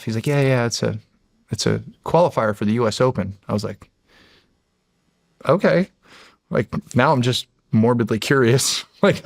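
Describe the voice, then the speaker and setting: Middle-aged guy on a podcast, gravelly voice, cussing and laughing through his stories, dry close sound. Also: medium pitch, no echo. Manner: swears freely, acts out others' lines, laughs often. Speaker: podcast guest, former Navy SEAL. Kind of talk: casual storytelling.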